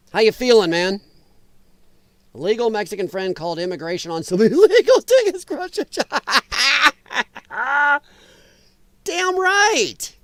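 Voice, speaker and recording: This fairly high-voiced man hosts a livestream talk show, bantering casually and bluntly as he reacts to comments from viewers. He's animated and laughs easily. The recording is dry and close, with no room sound.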